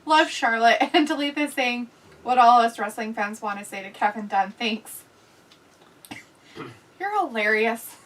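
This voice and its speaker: A woman's voice: a little high, expressive, measured pace, pauses often, a bit bright, recorded from a distance, rough recording. A woman hosting a casual live stream, reading viewer comments aloud and reacting with blunt, crude jokes and frequent laughter. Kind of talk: casual, profane watch-along chat.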